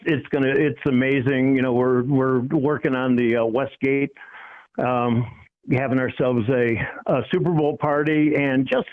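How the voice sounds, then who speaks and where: Laughing storyteller on a muffled line. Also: male voice, mid-range voice. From Cleveland. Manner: storytelling, self-deprecating, laughs often. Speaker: guest, former pro football player. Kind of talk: casual call-in chat.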